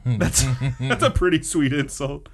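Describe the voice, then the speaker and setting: A young adult man hosting a casual anime podcast, retelling scenes with lively storytelling. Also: a little high, measured pace. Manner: animated storytelling, acts out scenes. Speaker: podcast host.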